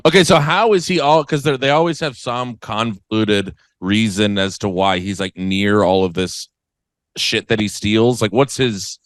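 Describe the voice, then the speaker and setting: A man co-hosting a comedy podcast in casual chat, throwing in quick sarcastic quips. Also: fairly low pitch, steady tone, no room sound. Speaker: podcast co-host.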